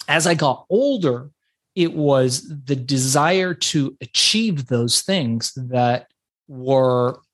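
Iran-born man telling his story. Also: mid-range voice. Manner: animated storyteller with frequent restarts. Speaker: podcast guest. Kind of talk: casual interview storytelling.

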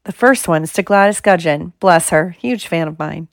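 A woman's voice: lowish voice, normal speed, gravelly, dry recording, studio quality. A woman voicing a vain, self-satisfied male celebrity teacher with a gushing manner, in a storybook reading.

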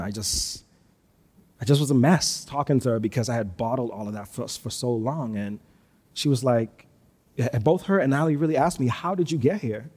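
A man's voice: mid-range voice, darkish tone, slightly rough. Guy giving a sermon live in church, long echo, jokes at his own expense. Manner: storytelling with self-deprecating humor. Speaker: pastor. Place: church sanctuary.

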